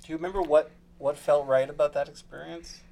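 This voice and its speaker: A man interviewing a guest, asking brisk, direct questions. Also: a little high, fairly even intonation, gravelly, warm tone.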